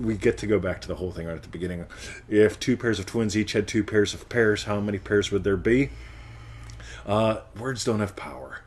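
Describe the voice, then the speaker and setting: A man hosting a live question-and-answer show, chatting playfully, laughing often and tagging his points with "right?". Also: fairly low pitch. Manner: slips into silly character voices. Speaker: host of live Q&A. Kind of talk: casual coaching talk.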